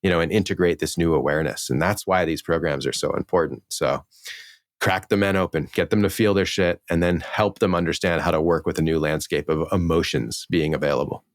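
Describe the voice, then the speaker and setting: Deep-voiced earnest male coach. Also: fairly quick, dry recording, clean studio sound. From New Orleans, Louisiana. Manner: earnest, emphatic, swears freely. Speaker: relationship coach guest. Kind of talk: podcast interview.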